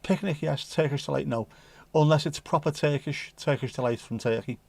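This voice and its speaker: A man's voice: a little high, brisk, gravelly, a little mellow, breathy edge, no room sound. A man hosting a casual livestream who reads viewer comments in a jokey, rambling, playful way. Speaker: livestream host.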